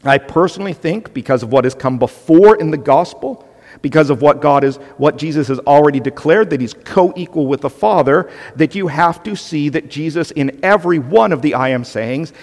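A man's voice: on the high side, normal speed, long reverb tail. A man preaching a sermon as pastor, emphatic and conversational, with asides to the congregation.

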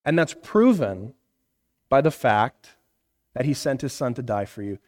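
A man's voice: mid-range voice, animated, measured pace, a little mellow. Man preaching in a reverberant hall. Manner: conversational, asks the room questions, frequent "right?". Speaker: pastor. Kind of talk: interactive sermon teaching.

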